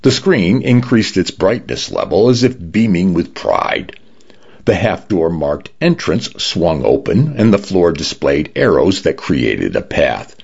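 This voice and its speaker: A man narrating an audiobook in a very deep, gravelly voice that rises and falls a lot. His husky tone comes through a dull, lo-fi recording. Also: a little slow. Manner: expressive storytelling.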